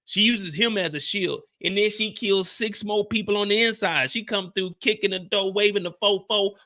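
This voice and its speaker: A man hosting an animated recap of a TV episode, telling the action in profane slang and acting out the gunfire with his own sound effects. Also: high-pitched, moderate pace, few pauses. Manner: excitable, acts out scenes with gunshot sound effects. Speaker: show recap host.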